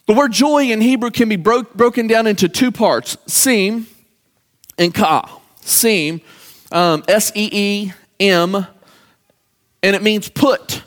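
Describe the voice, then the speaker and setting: High-voiced preacher in an echoing hall. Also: male voice. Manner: halting, repeats words, calls out to congregation. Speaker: pastor. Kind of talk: sermon. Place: church sanctuary. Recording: church hall with long reverb.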